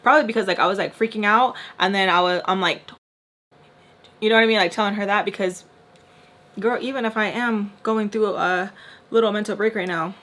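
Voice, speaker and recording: A young woman vlogger telling a story in casual chat while doing her makeup. She is animated, packs her talk with fillers and drops into whispered asides. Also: mid-range voice, fairly quick. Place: home room, doing makeup.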